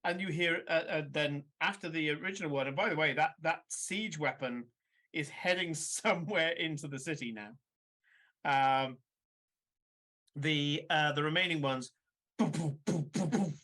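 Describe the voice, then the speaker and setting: A man's voice: fairly high pitch, normal speed, pushed and bright. A man running a tabletop game as game master, narrating casually with many fillers and chuckles.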